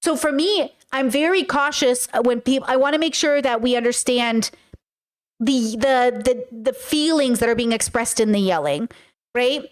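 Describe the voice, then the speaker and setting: A woman streamer chatting casually with her live chat, loud and excitable, a self-described yell talker. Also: a little high, normal speed. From grew up in a Middle Eastern home. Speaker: streamer reacting to a video.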